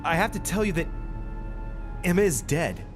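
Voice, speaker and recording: A man's voice: a little high, lively intonation, normal speed, soft background music, lightly acted. A man voicing Louis, an earnest young nobleman. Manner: earnest, reassuring. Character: Louis, a young male nobleman, calm and resolute. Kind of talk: video game voice acting.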